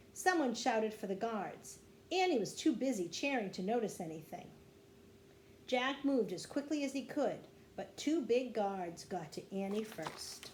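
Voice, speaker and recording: A woman, a kindergarten teacher, reading a children's chapter book aloud with expressive storytelling. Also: slight background noise. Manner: expressive storytelling, dropping low after quotes.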